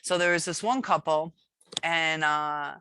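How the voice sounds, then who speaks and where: Low-voiced woman musing candidly to camera. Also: steady tone, unhurried, bright, forceful tone, a little hiss or hum. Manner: rambling, many fillers and restarts, candid. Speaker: channel host. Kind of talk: casual talk to camera.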